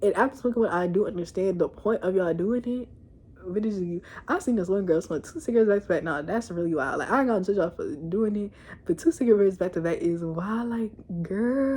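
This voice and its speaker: A young woman giving a casual, animated recap of a TV episode, laughing and cursing as she tells it. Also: mid-range voice, a little fast, husky. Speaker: show reviewer. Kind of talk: casual chat video review.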